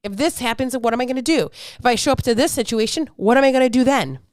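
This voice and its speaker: A woman's voice: a little high, fast, dry recording, clean studio sound. A woman fitness coach in her thirties, ranting bluntly and profanely on her own podcast. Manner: blunt, profane, fired-up, preachy. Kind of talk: unfiltered podcast rant.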